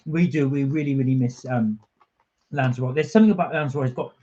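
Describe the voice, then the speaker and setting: A man's voice: mid-range voice, fast, warm tone. Eager man chatting on a lo-fi stream. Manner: eager, snacking while talking, reads viewer comments aloud. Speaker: vlog co-host. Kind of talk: casual live-stream chat. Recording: dull lo-fi home stream audio.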